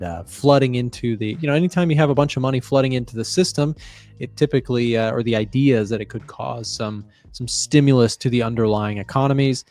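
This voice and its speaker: A man hosts a live market commentary show, explaining economic data and questioning a guest in a conversational way. His voice is medium-pitched with a darkish tone.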